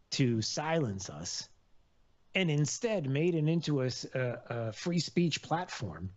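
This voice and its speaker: A man hosts a political talk radio show in a rambling, sarcastic monologue. He keeps circling back, with many fillers and restarts. His voice sits in a middle pitch, and the broadcast audio sounds slightly dull. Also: darkish tone.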